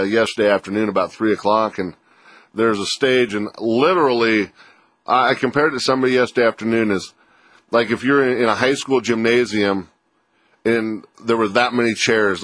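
A man's voice: lowish voice, fairly bright tone, dry recording. A man co-hosting a sports radio show, telling rambling, joking stories in casual banter.

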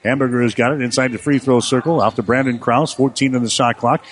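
A man calling college basketball play-by-play in a rapid running commentary that lifts on big plays. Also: mid-range voice, a little hiss or hum. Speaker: play-by-play announcer.

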